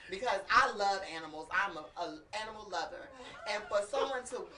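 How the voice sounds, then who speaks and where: A woman's voice: medium pitch, animated, a little fast, pushed and bright, recorded from a distance. Dramatic stammering woman guest, echoey. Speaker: guest judge. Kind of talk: comedic talk show chat.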